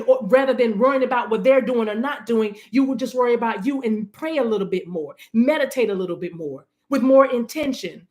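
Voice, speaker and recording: A woman gives a spiritual love reading in a slightly high voice. She preaches fervently and hammers her points home through repetition. Every so often she slips into speaking in tongues. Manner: fervent, preachy, repeats phrases for emphasis. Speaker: spiritual reader. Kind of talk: intuitive love reading monologue.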